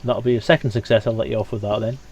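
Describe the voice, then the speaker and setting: A man's voice: medium pitch, rapid-fire, slight background noise. Man running a tabletop game. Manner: relaxed, hesitant, with fillers. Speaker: game master.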